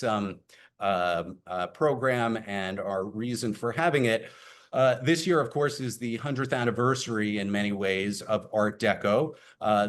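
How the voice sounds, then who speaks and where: Halting man presenting a webinar. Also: on the low side. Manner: many filler words, halting. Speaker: program presenter for a preservation group. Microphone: computer mic on a video call.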